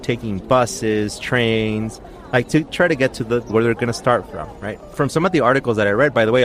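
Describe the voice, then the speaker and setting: A man hosting a podcast, telling a mystery story in a rambling, chatty way, often correcting himself mid-sentence. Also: medium pitch. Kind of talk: casual storytelling chat.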